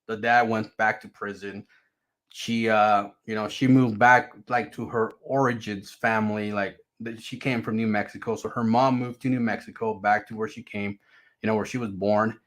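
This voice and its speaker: Man telling his life story, loud and profane. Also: lowish voice, normal speed. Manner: profane, animated, swings from loud to mumbled. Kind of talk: casual storytelling to viewers.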